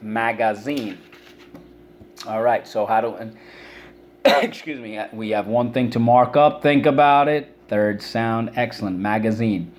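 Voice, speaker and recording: A man's voice: lowish voice, a little slow, slight background noise. A middle-aged male teacher giving a spelling and vocabulary lesson to children, patiently explaining each word with many examples.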